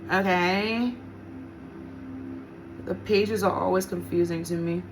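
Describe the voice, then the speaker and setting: A woman's voice: fairly low pitch, steady tone, slow, slight background noise. A woman giving a casual tarot reading to her viewers, blunt and profane, often repeating her points for emphasis. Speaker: tarot reader.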